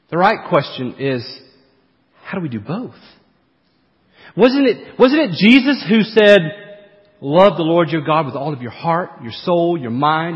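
A man preaching a sermon as pastor, swinging from emphatic, forceful peaks to quiet, low asides. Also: in a large hall, lo-fi sound.

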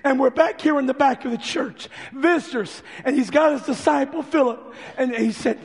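Hoarse, high-pitched preacher in a reverberant church. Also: male voice, normal speed, few pauses. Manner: impassioned preaching, acts out the visitors' voices. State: hoarse, voice giving out. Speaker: pastor. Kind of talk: sermon.

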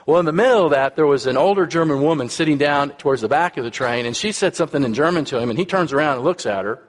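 Speaking fast with lively intonation and a fairly high pitch, a man in his fifties with a Texas accent tells stories through his sermon, often turning aside to the congregation. Long hall reverb trails his voice.

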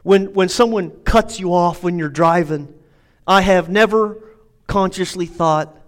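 A male pastor preaching a sermon, moving from emphatic, rising passages to quieter, reflective stretches. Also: high voice, a little slow, poor audio. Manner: preaching with swelling, emphatic delivery that drops to quiet asides.

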